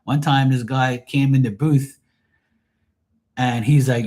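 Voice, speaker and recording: A man telling cruise stories on a livestream, casual, profane and animated. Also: mid-range voice, moderate pace, husky. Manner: profane, animated, mimics people. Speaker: tarot reader and streamer.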